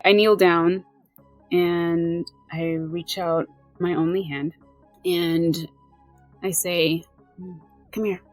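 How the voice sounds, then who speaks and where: A woman playing a tabletop game, earnest and gentle as she speaks for her character. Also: lowish voice, fairly even intonation, drawn-out words, long pauses, no echo, faint music behind, poor audio. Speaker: player.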